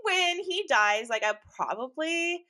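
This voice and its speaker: A young woman co-hosting a casual podcast with a slightly high voice. She rambles through stories, full of filler words and quick laughs. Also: animated, pushed and bright. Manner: chatty, rambling, laughs often. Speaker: podcast co-host. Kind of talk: casual chat.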